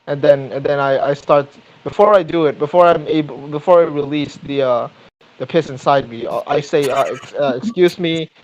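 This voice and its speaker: Halting man on a dull mic. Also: fairly high pitch. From Philippines. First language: Tagalog. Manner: halting, repeats and restarts words. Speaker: podcast guest. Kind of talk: casual podcast chat.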